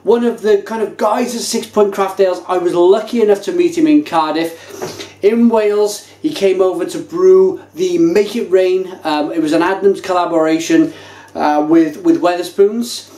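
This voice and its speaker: A man reviewing craft beer to camera, talking casually with animated enthusiasm. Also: high voice, moderate pace. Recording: echoey room.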